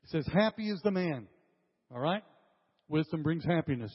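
An older male pastor preaches with emphasis, his somewhat high voice hammering phrases home again and again. The sound is dull and lo-fi, carrying a long reverb off a church hall. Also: animated, normal speed, breathy edge. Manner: emphatic, repeats phrases, addresses the congregation directly. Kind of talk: sermon.

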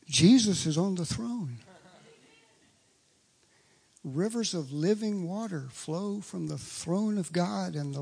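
Male preacher with a gravelly voice, preaching emphatically in a hall with a long echo. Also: sits high, darkish tone. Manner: emphatic, repeats phrases for stress. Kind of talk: sermon. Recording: long reverb of a large hall.

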